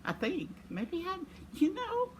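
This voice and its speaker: A woman's voice: very high-pitched, huge pitch swings, takes it slowly, a little mellow. An older woman, casually telling a rambling story with self-deprecating chuckles. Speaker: vlogger. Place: home. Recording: noisy home recording.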